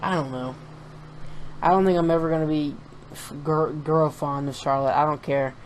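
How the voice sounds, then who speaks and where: A man's voice: on the high side, steady tone, moderate pace, a little hiss or hum. A man talking casually in a reaction vlog, reviewing a wrestling show in a profane, rambling, opinionated rant.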